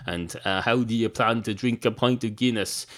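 A man's voice: fairly low pitch, normal speed, a bit bright, close to an everyday voice. An Irish man playing a blunt, rude, grumpy male pub barman who insults his customer.

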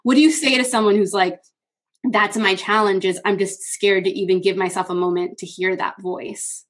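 A woman's voice: mid-range voice, steady tone, normal speed. A woman hosting an interview, speaking casually with frequent fillers and self-reflection. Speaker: interview host. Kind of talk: casual chat.

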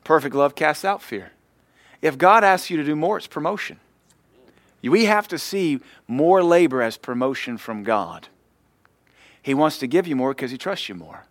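A man's voice: a little high, expressive, moderate pace, a bit bright, no echo. A man preaching a sermon as pastor, folksy and joking, acting out little quotes as he goes.

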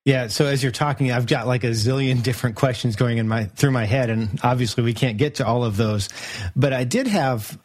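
A man's voice: mid-range voice, steady tone, a little fast, a little mellow. Conversational male interview host. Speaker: podcast host. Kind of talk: interview questions.

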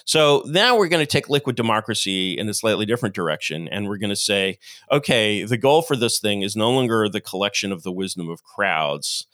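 Middle-aged male podcast guest, low-ish voice, animated lecturer who acts out quotes, dry close sound. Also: a little fast, dry recording. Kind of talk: long-form interview monologue.

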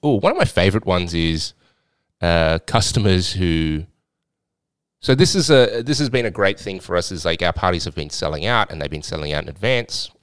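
A man's voice: sits low, sing-song, normal speed, smooth, no echo, clean studio sound. An Australian man hosting a podcast, telling a story in a rambling, blunt way with some swearing. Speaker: podcast host and swingers club owner. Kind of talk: casual storytelling chat.

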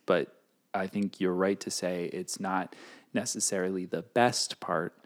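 Low-voiced man musing in casual chat. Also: steady tone, measured pace. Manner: musing, acts out his own reactions with sudden high bursts. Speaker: podcast co-host.

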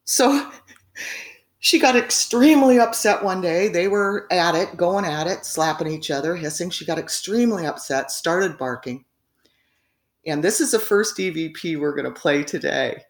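Guest woman with a deep voice, rambling and chatty, recorded in an echoey room. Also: moderate pace. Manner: rambling, frequent fillers and laughs. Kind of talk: casual storytelling in conversation.

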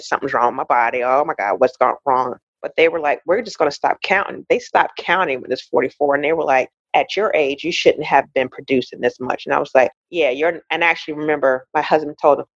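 A woman in her forties, a podcast guest, telling a personal story in a lively way and acting out the voices of the people in it. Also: low voice, brisk, few pauses, no room sound, highs cut off. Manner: animated storyteller, acts out quoted voices, laughs often. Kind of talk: casual interview storytelling.

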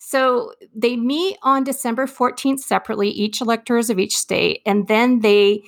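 A woman's voice: a little high, fairly even intonation, vocal fry, no echo, clean studio sound. A woman co-hosting a podcast, talking in a casual commentary style that wanders off on tangents. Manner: talks fast with tangents and laughs. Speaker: podcast co-host.

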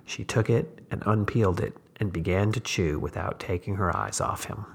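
A man, the host, reading a short story aloud in measured, unhurried scripted narration. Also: deep voice, vocal fry, slightly rough.

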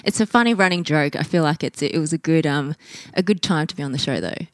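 A woman hosts a casual podcast chat, her voice sitting low for a woman. She keeps things upbeat and chatty and laughs easily. The sound is dry and close. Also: fast, dry recording. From Australia. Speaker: podcast host and coach.

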